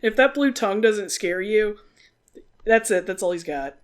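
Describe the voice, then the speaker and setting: A woman co-hosting a podcast, talking quickly and jokingly with lively asides. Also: medium pitch. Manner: quick, animated talker with jokey asides. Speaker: podcast co-host. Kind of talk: casual chat.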